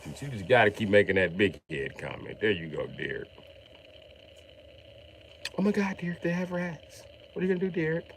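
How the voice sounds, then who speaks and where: Lively young man teasing his chat. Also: fairly low pitch, brisk, gravelly, pauses often, a little hiss or hum. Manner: teasing, mock-scolding a viewer by name. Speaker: livestream host. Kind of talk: casual live-stream chat reading comments.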